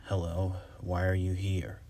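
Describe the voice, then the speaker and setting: A man voicing a jumpy young male pony lighthouse keeper who shrieks high when scared. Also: monotone, measured pace, warm tone. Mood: puzzled. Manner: panicky high-pitched screaming when scared.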